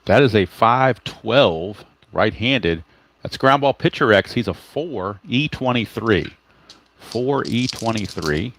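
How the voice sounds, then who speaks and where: A man with a fairly low voice hosts a tabletop baseball simulation, reading dice results and player cards aloud in a relaxed play-by-play. He explains each roll as he goes and breaks off now and then to greet viewers and correct himself. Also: slow, a little hiss or hum. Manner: greets live chat viewers mid-game; talks to himself, corrects his own slips. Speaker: tabletop baseball game host.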